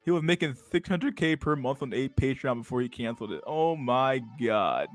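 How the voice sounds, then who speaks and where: A man's voice: medium pitch, fast talker, soft background music. Sarcastic, profane man streaming. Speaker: streamer host. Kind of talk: casual livestream commentary.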